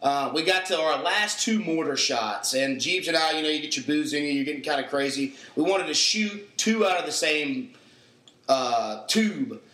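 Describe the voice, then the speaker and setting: A man's voice: a little high, expressive, moderate pace, sharp tone, echoey room, low-quality recording. A young man hosting a podcast, telling a rambling story with restarts in casual chat. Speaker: podcast host.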